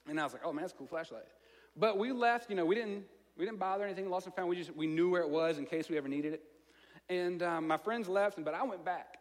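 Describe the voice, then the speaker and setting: Man, Southern American accent, chatty self-mocking preacher, high-pitched, echoing sanctuary. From Alabama, US. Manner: conversational and self-mocking, with lively asides. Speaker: pastor. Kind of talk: storytelling sermon. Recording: long reverb of a large hall.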